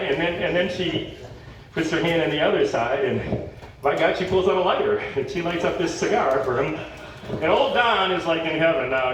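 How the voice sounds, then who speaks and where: A man emceeing a talent show, polling the crowd and telling a long joke in a folksy, playful, drawn-out way. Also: on the high side, a little hiss or hum. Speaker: master of ceremonies. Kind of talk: stage joke storytelling. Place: large hall at a talent show. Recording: echoey hall from far off.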